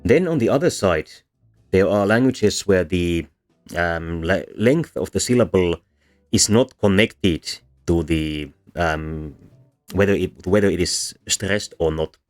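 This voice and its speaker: A man explaining grammar as a teacher in a lecture, drawing as he talks and pausing often with ums and self-corrections. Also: sits low, faint music behind. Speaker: language teacher.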